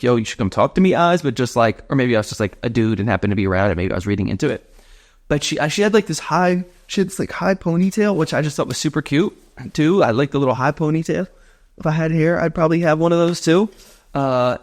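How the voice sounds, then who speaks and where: Animated young man telling a story. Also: medium pitch. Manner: animated, full of "like" fillers and quoted dialogue. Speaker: podcast host. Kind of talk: casual storytelling. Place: indoor podcast set.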